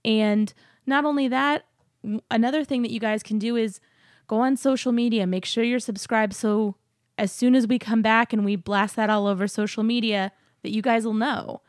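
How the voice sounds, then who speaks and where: A woman's voice: on the high side, steady tone, normal speed, no room sound, clean studio sound. A woman co-hosting a podcast in casual chat, talking in an upbeat way and laughing often as she talks. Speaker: podcast co-host. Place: new apartment studio.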